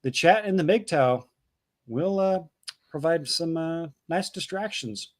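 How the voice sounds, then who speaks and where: A man's voice: a little high, lively intonation, takes it slowly, dry recording, studio quality. Joking man reading live chat. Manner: loose, joking, stumbles and repeats words. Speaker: livestream co-host reading chat. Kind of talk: casual livestream chat.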